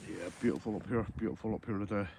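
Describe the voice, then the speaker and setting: A man's voice: lowish voice, steady tone, very fast, gravelly, darkish tone, slight background noise. A Northern Irish man livestreaming while fishing outdoors, chatting casually to viewers, swearing freely and calling them mate. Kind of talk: casual chat to live viewers. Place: outdoors by the water.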